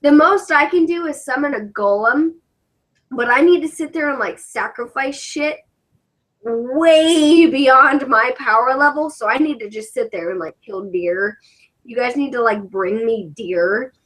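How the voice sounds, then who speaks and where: Profane, animated woman with English accent. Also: high voice, unhurried, low-quality recording. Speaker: cosplayer and livestream host. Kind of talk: casual livestream chat.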